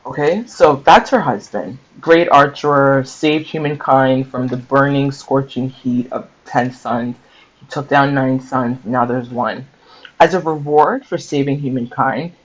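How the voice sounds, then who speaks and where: A man reading a story from a book aloud and stopping often to explain and think out loud, checking in with listeners. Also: mid-range voice, dull audio. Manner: conversational, checks in with "okay?" and "right?", thinks aloud. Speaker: book-sharing host. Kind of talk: reading aloud with casual commentary.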